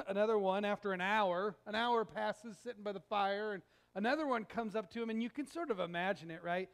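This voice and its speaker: A male pastor giving a sermon in a conversational, animated storytelling way with jokes. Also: sits high, fairly quick. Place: church sanctuary.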